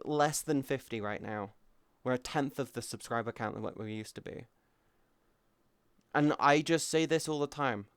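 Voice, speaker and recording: A man's voice: medium pitch, vocal fry, smooth, no room sound. A man live streaming, talking openly and casually with his chat, swearing freely as he answers viewers.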